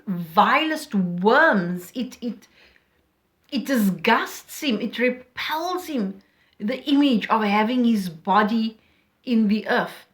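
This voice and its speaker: A woman teaching a poetry lesson, talking slowly and deliberately and reading lines aloud with emphasis. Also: fairly high pitch, fairly bright tone.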